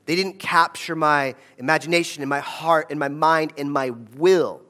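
A man's voice: fairly high pitch, fairly even intonation, normal speed, sharp tone. A man giving a conversational storytelling talk, often checking in with his audience. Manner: conversational, asks the audience "right?".

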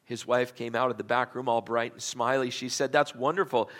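A man's voice: mid-range voice, level tone, a little fast. A male pastor preaching a sermon, telling a story dramatically in a church auditorium. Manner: dramatic storytelling, gets loud at the tense parts.

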